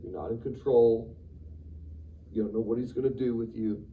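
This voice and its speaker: A man teaching a church Sunday school class in a lively, conversational way, acting out the quotes he reads. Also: mid-range voice, moderate pace. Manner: animated, conversational, acts out quotes with sudden loud bursts. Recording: distant, dull room recording with faint noise.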